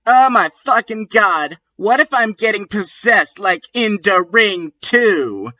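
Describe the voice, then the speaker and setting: A whiny, melodramatic teenage goth girl , played by a man in falsetto, with a high, slow voice that is bright and tense. The recording is dull and lo-fi. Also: lively intonation, full character voice. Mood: shrill.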